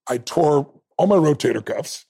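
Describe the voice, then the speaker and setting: A man's voice: fairly high pitch, lively intonation, moderate pace, mellow. A man in his fifties, a podcast guest, telling a personal story with energy, acting out quoted dialogue and laughing often. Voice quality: gravelly, husky. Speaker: interview guest. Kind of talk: animated storytelling in conversation.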